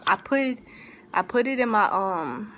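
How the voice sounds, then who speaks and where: A woman's voice: medium pitch, lively intonation, measured pace, a bit bright. A young woman telling a personal story in a casual, rambling way, full of fillers and restarts, with a faint hiss behind her. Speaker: vlogger.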